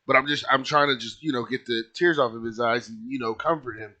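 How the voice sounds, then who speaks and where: A man's voice: mid-range voice, steady tone, fairly quick, bright, forceful tone. A young man telling a personal story in a casual, rambling way, full of fillers and swearing. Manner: rambling, lots of filler likes, swears freely.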